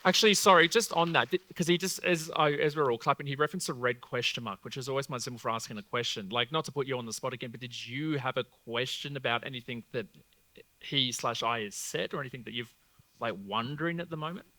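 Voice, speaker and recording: Chatty Australian man, bright voice. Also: mid-range voice, fast, no room sound. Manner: chatty, filler-heavy, swears casually. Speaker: psychic medium host. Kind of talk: live stage show, relaying messages. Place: theatre stage before a live audience.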